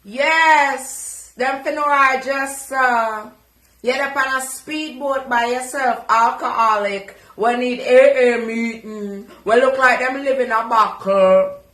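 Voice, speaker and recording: A Jamaican woman putting on a loud, sing-song mocking voice of a boastful woman, recorded in an echoey room. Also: high-pitched, steady tone, slow, voice pushed up, heavily acted.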